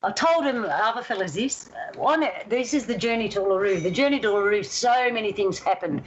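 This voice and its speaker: A woman from Australia tells a story in an easy, conversational way, lively and acting out the voices along the way. Her voice sits in a middle range, and the audio is a little dull and lo-fi, like a call. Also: medium pitch, brisk, a little hiss or hum. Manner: animated, acts out voices in stories. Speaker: guest storyteller. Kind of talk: casual storytelling.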